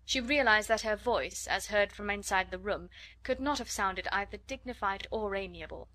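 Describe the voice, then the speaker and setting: A woman narrating a classic storybook in an expressive, measured reading. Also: medium pitch, no room sound.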